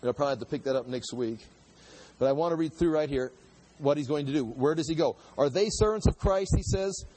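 A man's voice: mid-range voice, fast talker, mellow, husky, low-quality recording. A middle-aged man, a pastor, preaching a sermon in a conversational way, with asides and rhetorical questions.

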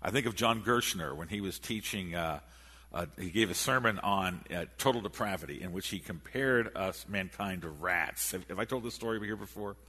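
Male preacher, sermon, bright lively voice kinda husky, echoey church hall. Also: low voice, moderate pace. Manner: animated, storytelling, stammers on restarts.

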